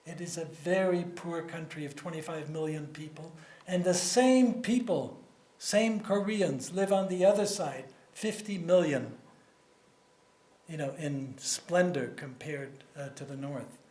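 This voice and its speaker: A man in his seventies delivers a public lecture in a fairly high voice. He speaks in a measured, conversational way, often repeating a word before moving on. The sound is roomy, like a lecture hall. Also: a little mellow. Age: 70s. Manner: measured and conversational, with frequent "you know" and repeated words. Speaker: guest lecturer on nuclear security.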